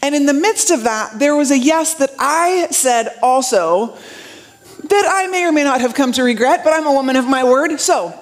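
Middle aged lady pastor giving a sermon, high-ish voice, super chatty, talks right to the crowd. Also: expressive, moderate pace. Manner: warm, chatty, addresses the congregation directly.

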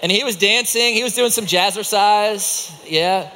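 A man's voice: high voice, a little slow, pushed and bright, a little hiss or hum. A man teaching a children's group, acting out a Bible story with volunteers in a playful, coaching way. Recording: echoey hall.

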